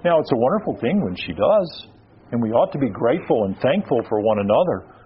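A man preaching a sermon in a conversational, animated way, acting out his own thoughts as he teaches. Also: mid-range voice, fairly quick, husky, dull audio.

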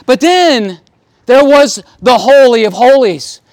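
A pastor with a very high-pitched, lively voice preaches slowly at an outdoor service near a tent, with no echo. He drives his points home through repetition, swelling in volume and then dropping his voice for emphasis.

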